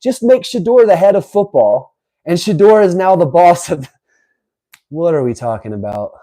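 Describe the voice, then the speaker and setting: A man hosting a live stream, chatting casually and reading aloud with incredulous, animated asides. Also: high-pitched, moderate pace, poor audio. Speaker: livestream host. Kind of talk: live-stream reaction chat.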